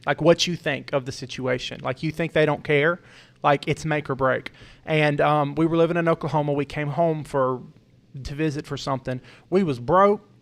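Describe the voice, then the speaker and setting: A young man talks earnestly on a podcast, his voice sitting a little high. He rambles through a personal story, starting sentences over and circling back. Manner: earnest, rambling, with many restarts. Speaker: podcast co-host. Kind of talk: casual storytelling talk.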